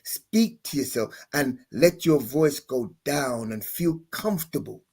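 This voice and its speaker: A man, a pastor guest on a panel, explaining in a halting conversational way with many restarts and sung demonstrations. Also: medium pitch, expressive, darkish tone, slightly rough.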